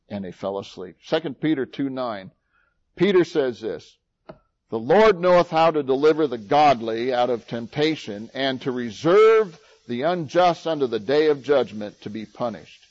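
Man preaching from scripture, lively swinging pitch, dramatic, slightly muffled recording. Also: unhurried. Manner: dramatic, swings between loud scripture reading and low quiet asides. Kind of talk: sermon.

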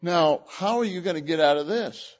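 A man preaching a sermon, retelling a scripture story with lively acted-out voices. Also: a little high, normal speed, muffled recording. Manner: animated storytelling, acts out the characters.

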